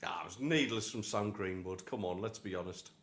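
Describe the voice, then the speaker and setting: A man's voice: sits low, a little fast, a bit bright. A man chatting casually as a co-commentator during a football match, blunt and matter-of-fact.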